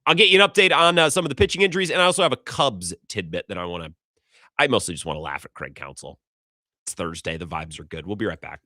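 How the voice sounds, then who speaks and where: Animated man hosting sports radio. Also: low-pitched, fast talker, dry recording. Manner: animated, exasperated rants with mocking quoted voices. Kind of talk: casual sports talk.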